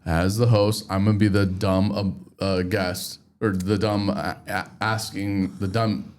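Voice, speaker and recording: A man's voice: fairly low pitch, level tone, a little slow, darkish tone. A man hosting a podcast in loose, rambling casual chat, stopping to restart his lines. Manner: loose, rambling, self-correcting. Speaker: podcast host.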